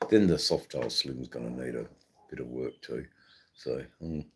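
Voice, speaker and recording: Reading out incoming viewer comments, this middle-aged livestream host from Australia talks in a broad accent and an extremely deep voice at an unhurried pace. His relaxed chat wanders, full of ums and restarts, with slight background noise.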